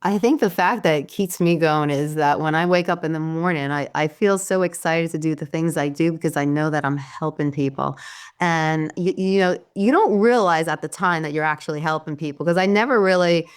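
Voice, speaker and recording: A woman's voice: low voice, moderate pace, clean tone. A woman author being interviewed, talking in an earnest, reflective way. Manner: earnest, reflective, laughs easily. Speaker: guest author and speaker. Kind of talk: casual interview.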